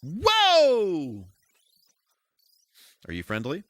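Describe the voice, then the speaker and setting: Animated man streaming a retro game. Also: fairly low pitch, a little slow, no echo. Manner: animated, goofy exclamations and mock-formal asides. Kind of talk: live gameplay commentary.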